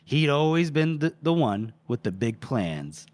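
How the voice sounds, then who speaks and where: A man co-hosting a podcast, retelling a book's scene in an animated, chatty way and swearing freely. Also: medium pitch, unhurried. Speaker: podcast co-host. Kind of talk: casual book-discussion retelling.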